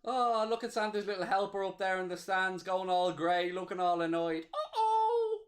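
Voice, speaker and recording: This is a live match watchalong, with a male host whose voice is high and whose pace is moderate. Excitable throughout, he celebrates, gloats, and reads his viewers' chat out loud.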